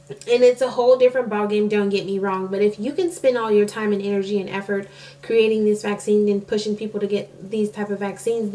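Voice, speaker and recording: A woman's voice: mid-range voice, darkish tone. A young woman, a nursing student and mom, telling a rambling story to camera, full of "like" and restarts. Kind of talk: casual storytime chat to camera. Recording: voice a bit far from the mic.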